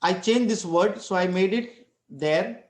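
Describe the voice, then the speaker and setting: His voice is high and his pace measured as he delivers an online lecture from an echoey room. Step by step he explains, with many restarts and repeated "right?" checks.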